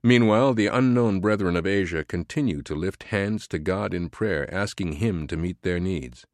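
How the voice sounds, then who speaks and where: A man with a very low voice reads an audiobook in an earnest, measured way, like a preacher. The sound is close and dry, with no room echo. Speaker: audiobook narrator. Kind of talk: scripted audiobook narration.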